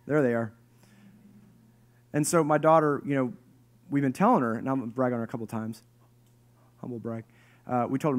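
Man, 30s-40s, pastor, conversational animated sermon, light joking asides. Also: mid-range voice, brisk, long pauses. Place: church hall with congregation.

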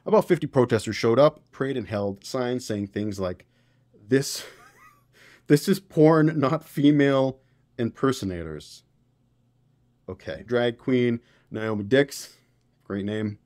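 A man's voice: medium pitch, normal speed, darkish tone. A man hosting a political podcast, reading news stories aloud and reacting with exasperated, profane commentary. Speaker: podcast host.

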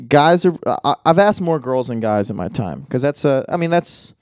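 A young American man chatting casually and swearing a lot, telling animated stories with frequent laughter. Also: medium pitch, normal speed, dry recording, clean studio sound. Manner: laughing, profane, animated storyteller. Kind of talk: casual chat.

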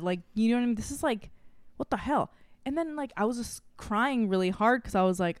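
A woman in her thirties tells a story as a podcast guest, her pitch jumping lively up and down as she goes. She swears freely and keeps the chat casual, and the recording is dry and close. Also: a little fast, dry recording.

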